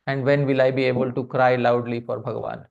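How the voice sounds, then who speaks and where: A man leads a devotional class on verse, chanting lines slowly and then explaining them. He keeps turning to his listeners as dear devotees and quizzing them. The recording is a bit muffled. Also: medium pitch, flat delivery, creaky, a little mellow. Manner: keeps addressing the audience as dear devotees, asks them questions. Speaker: speaker giving a scripture class. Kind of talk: devotional lecture on poetry.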